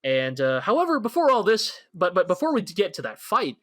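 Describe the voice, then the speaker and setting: A man's voice: sits high, huge pitch swings, fairly quick, fairly bright tone, dry recording, clean studio sound. A man co-hosting a podcast in casual chat, rambling with lots of fillers and spinning playful modern analogies. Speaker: podcast co-host.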